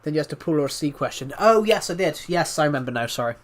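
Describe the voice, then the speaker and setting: A British man streaming live and chatting with viewers, talking calmly with frequent restarts, his voice thick from being slightly ill. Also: fairly high pitch, fast. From United Kingdom. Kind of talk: casual live stream chat.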